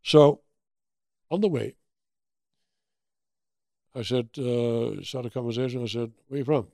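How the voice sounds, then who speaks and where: Older man, German accent, gravelly, dry close sound, lively storytelling. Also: medium pitch, unhurried, no room sound. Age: 80s. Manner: animated anecdotes with acted-out quotes. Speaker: guest. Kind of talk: storytelling interview.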